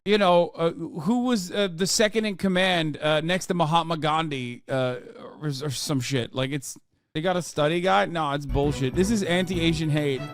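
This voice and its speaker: Loud joking streamer man. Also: fairly high pitch, normal speed, no echo. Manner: loud, jokey, swears freely, mock outrage. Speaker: streamer reacting to a show. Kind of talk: casual reaction commentary.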